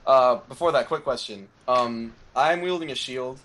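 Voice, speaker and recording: A man's voice: mid-range voice, moderate pace, a bit bright, a little hiss or hum. A man playing a tabletop game, asking rules questions and eagerly declaring his attacks. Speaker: player. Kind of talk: casual tabletop game talk.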